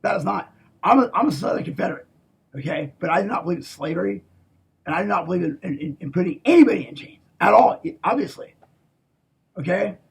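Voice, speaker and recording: A man in a rambling, profane monologue, swinging between loud outbursts and low mutters and tagging lines with "okay?". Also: creaky, slightly rough. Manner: profane, repeats "okay?", restarts a lot.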